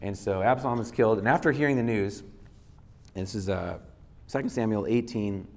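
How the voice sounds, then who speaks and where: A man's voice: fairly low pitch, a little fast. A male pastor giving a sermon, retelling a scripture story in casual everyday words and reading verses aloud.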